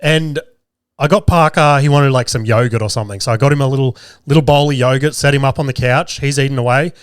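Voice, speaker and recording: With a smooth, steady, mid-range voice at a quick pace, a thirty-something male host rambles through a casual comedic podcast full of profane, crude jokes. He's a bit nasal from a cold he's shaking off, and the dry close recording has no room sound.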